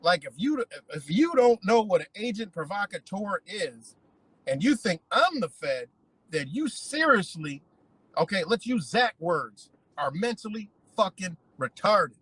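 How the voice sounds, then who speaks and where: A man rants about another man in heated, profane bursts, repeating his points over and over. His voice sits high for a man and has a husky edge. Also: big pitch swings, measured pace, fairly bright tone, no echo, poor audio. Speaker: commentary channel host. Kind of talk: casual profane rant.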